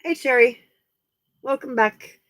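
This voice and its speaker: Working through a late-night crafting livestream, a woman host sounds tired and yawns repeatedly. Her high-pitched voice carries no echo, and she speaks slowly in a relaxed, chatty way, greeting viewers by name.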